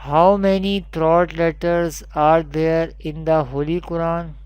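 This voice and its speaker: A man teaching a recorded pronunciation lesson at a very unhurried pace. He drills each sound over and over in an even, flat tone. His voice is very clean and crisp. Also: a little high, no room sound. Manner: slow, repetitive drilling of letters. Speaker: Quran teacher.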